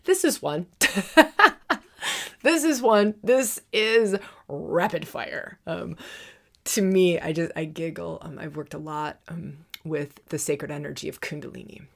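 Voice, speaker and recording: A woman with a lowish voice and a gravelly fry teaches about spirituality at an unhurried pace. She often breaks into soft whispers and small giggles. She hunts for words as she goes. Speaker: podcast host and retreat teacher.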